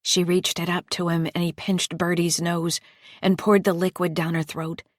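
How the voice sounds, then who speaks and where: A woman narrating a first-person psychological thriller audiobook in a steady, tense storytelling manner. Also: on the low side, moderate pace, dry recording, clean studio sound.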